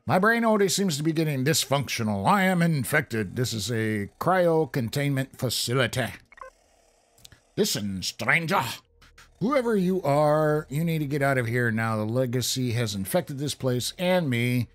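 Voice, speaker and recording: A man voicing a dying, infected male prisoner officer in a game, reading his lines in a hurried, urgent way. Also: medium pitch, animated, lightly acted. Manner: hurried, urgent read-aloud.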